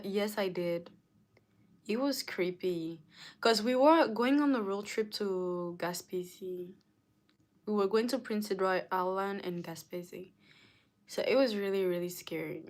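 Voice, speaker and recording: A young woman from Africa chatting casually on a livestream, reading viewer comments aloud and answering them, with lots of "like". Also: mid-range voice. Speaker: livestream host.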